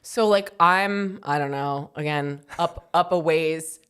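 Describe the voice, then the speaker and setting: Chatty pregnant woman with a lowish voice. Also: slow, a bit bright, clean tone. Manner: chatty, laughs often, many fillers. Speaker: podcast co-host. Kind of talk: casual chat.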